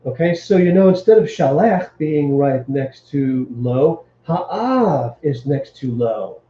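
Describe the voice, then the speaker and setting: A man's voice: fairly high pitch, animated, takes it slowly, dark tone, roomy sound, muffled recording. A man teaching Hebrew grammar to a live stream, explaining step by step and checking in with his listeners. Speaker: Bible teacher.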